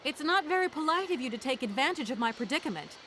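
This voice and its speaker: An actress voicing an ambitious young lawyer woman in a video game, poised, brisk and sharp-tongued. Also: high-pitched, animated, slight background noise. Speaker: game protagonist.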